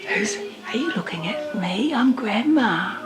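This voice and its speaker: A woman's voice: a little high, lively intonation, unhurried, over music. An older woman, a grandmother, cooing baby talk to a newborn in a home video, indoors at home.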